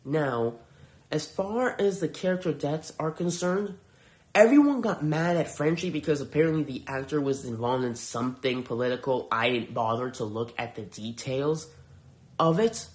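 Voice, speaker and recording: A man's voice: a little high, normal speed. A man hosting a podcast, reviewing shows in a heated, profane, sarcastic rant. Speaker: podcast host.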